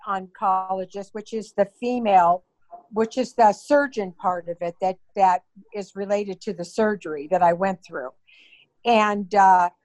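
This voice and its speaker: A woman's voice: medium pitch, poor audio. An older woman, the host's mother, earnestly recounting a personal story in an emotional way. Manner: earnest, slow, emotional retelling. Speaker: guest, mother of the host.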